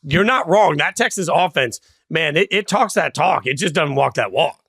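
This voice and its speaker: A man's voice: fairly high pitch, lively intonation, moderate pace, fairly bright tone, no room sound, clean studio sound. A man co-hosting a sports show, debating emphatically and repeating phrases as he makes his points.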